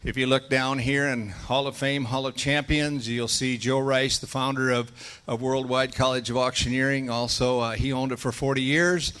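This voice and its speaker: Midwestern guy running an auction school event, bright forceful voice, lots of uhs and ums. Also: medium pitch, flat delivery, normal speed, smooth. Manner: loud drilled chanting of tongue twisters and number scales; folksy, with many fillers. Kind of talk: welcome speech at an event. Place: hotel event room.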